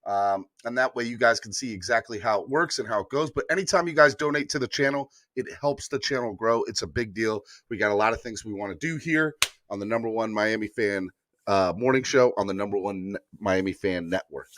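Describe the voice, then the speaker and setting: A man's voice: lowish voice, fairly quick, a bit bright, no echo, studio quality. A man hosting a live-streamed sports morning show, hyped and repeating calls to like and subscribe. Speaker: sports podcast host.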